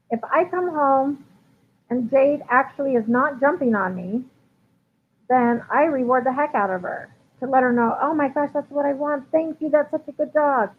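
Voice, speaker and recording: A chatty woman dog trainer talking casually through a live Q&A, full of ums and likes. Her voice sits a little high. It comes through a tinny, phone-like line with a faint hiss behind it. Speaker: dog trainer answering viewer questions. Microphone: livestream computer mic.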